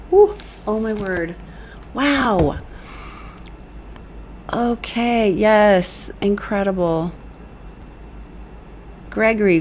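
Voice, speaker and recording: A woman vocal coach on a live-stream reaction, reading chat comments aloud with enthusiastic, breathy exclamations of awe. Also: mid-range voice, darkish tone, slight background noise.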